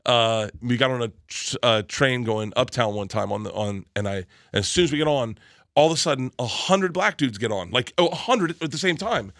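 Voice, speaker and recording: Animated storytelling man, bright voice. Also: mid-range voice, moderate pace, no echo, clean studio sound. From Florida. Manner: animated, laughing storyteller acting out quotes. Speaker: comedian guest. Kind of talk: storytelling in casual interview.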